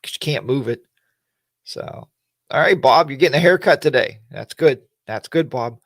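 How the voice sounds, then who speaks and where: Male stream host, gravelly voice, dry close sound, rambling folksy chat with viewers. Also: mid-range voice, lively intonation, moderate pace, no echo. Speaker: host of a weekly livestream chat. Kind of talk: casual livestream chat.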